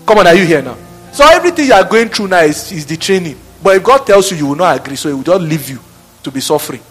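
A high-pitched man delivering a sermon. He preaches animatedly, laughs often and acts out little office scenes, with a soft bed of music faintly behind him. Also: animated, quick pace, breathy edge.

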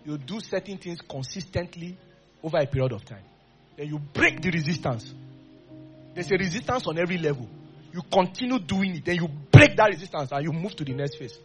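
A man preaching a sermon with fervent delivery, dropping to quiet asides and rising into loud bursts. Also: fairly high pitch, animated, brisk, faint music behind. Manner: acts out quoted voices.

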